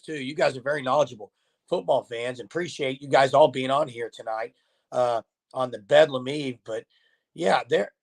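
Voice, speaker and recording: Man, sports show host, gravelly voice, slightly high, chatty, jokey. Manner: chatty, jokey, talks straight to viewers. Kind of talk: casual sports talk, reading viewer comments.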